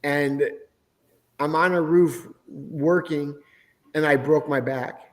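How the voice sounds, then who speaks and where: A man's voice: on the high side, steady tone, slow. A middle-aged man, a podcast guest, telling his personal faith testimony in an earnest, emotional way. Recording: long hall reverb.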